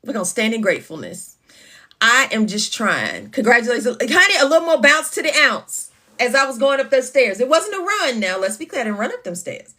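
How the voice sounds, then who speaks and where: A woman hosting a casual morning livestream, greeting viewers by name and calling them baby and honey. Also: brisk. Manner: lively, swings up high in exclamations. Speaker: livestream host.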